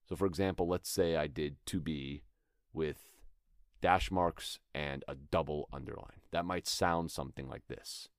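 A man's voice: very deep voice, fairly even intonation, moderate pace, clean tone, no room sound, clean studio sound. A man hosting an acting podcast, explaining script work in a thoughtful, conversational way and sometimes reading lines aloud to show them. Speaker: acting coach podcast host. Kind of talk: instructional talk.

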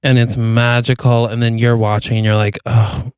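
A man co-hosting a podcast, improvising a romantic movie plot, telling it deadpan in the second person. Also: medium pitch, moderate pace, clear, resonant tone, no echo. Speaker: podcast co-host. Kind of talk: improvised comedic storytelling.

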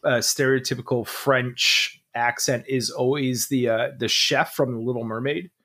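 A man's voice: mid-range voice, fairly even intonation, normal speed, bright, forceful tone. A man hosting a podcast in casual chat, hesitant and full of uhs. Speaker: podcast host.

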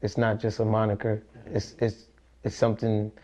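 A man's voice: fairly low pitch, completely flat delivery, normal speed, warm tone. A man hosting a podcast who asks his guest loose, conversational questions. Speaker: podcast host. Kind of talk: interview questions. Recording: dull lo-fi sound.

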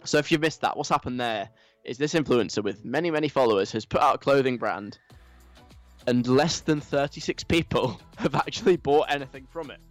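A man's voice: medium pitch, animated, a little fast, no room sound, soft background music. Dry, mocking man. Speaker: commentary host. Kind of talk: sarcastic commentary.

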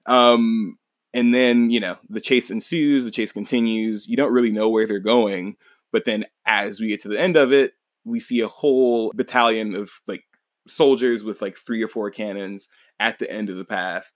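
A man's voice: on the low side, fairly even intonation, normal speed, no room sound. A man hosting a podcast, casually recapping a manga in a rambling, laid-back way, swearing and laughing along. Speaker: podcast host.

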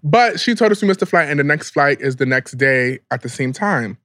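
A man's voice: a little high, animated, brisk, fairly bright tone, no echo, studio quality. A man co-hosting a podcast, sassy and profane, calling people "girl" and "bitch" as he tells his side of a story. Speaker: podcast co-host. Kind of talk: casual chat.

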